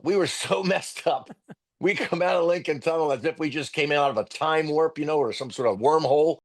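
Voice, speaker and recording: A man, a comedian guest telling lively stories on a podcast and acting out other people's loud voices. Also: medium pitch. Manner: animated storyteller, acts out loud voices of others. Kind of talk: storytelling podcast interview.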